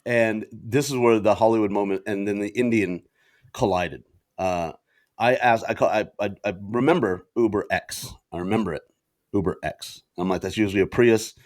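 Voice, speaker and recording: A man's voice: on the low side, moderate pace, a little mellow. A middle-aged man on a podcast telling a story in a casual way, laughing often and acting out the dialogue.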